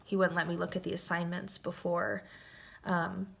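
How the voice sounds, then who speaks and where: Creaky-voiced young woman vlogging. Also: fairly low pitch, little pitch movement, moderate pace, a bit bright. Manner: chatty, affectionate, laughs often, gets emotional. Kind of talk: personal vlog talking to camera.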